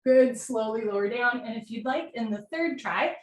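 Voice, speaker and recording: Woman calling brisk yoga cues. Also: a little high. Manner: brisk spoken cues, breathy from doing the poses along. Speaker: yoga teacher. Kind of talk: live yoga class instruction. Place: room at home, live video call. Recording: roomy sound from far off the mic, faint hiss.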